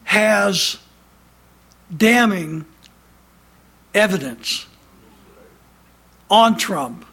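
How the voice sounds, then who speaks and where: A man preaching a fiery sermon, emphatic and loud, sometimes dropping to a low intense tone. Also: expressive, extremely slow, creaky, pauses often, slightly rough. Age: has adult son.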